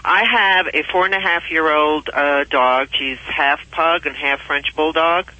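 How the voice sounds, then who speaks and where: Bright-voiced woman caller on a phone line. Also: sits low, steady tone, a little slow, no room sound. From New York. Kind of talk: phone-in question.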